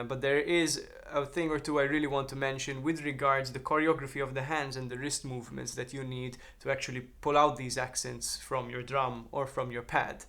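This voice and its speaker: A man's voice: medium pitch, vocal fry, a bit bright. A man teaching a drum lesson on a practice pad, explaining technique and counting beats aloud.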